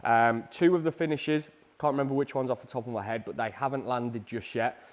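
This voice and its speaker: A man's voice: medium pitch, brisk, noisy background. Upbeat British man hosting a prize draw. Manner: chatty, energetic, salesy, with frequent ums. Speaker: host of a live prize draw. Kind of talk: upbeat live-stream announcements.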